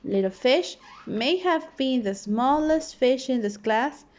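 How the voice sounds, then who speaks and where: A woman primary school teacher reading a children's storybook aloud, expressive with playful sound effects, on a dull lo-fi recording. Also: sits high, slow.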